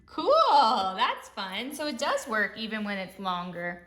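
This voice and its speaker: Slow, gentle woman hosting a toddler lesson. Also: mid-range voice, wildly swooping pitch. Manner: gentle, slow, sing-song teacher talk. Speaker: children's show host. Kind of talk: early-learning lesson for toddlers. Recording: echoey room with background noise.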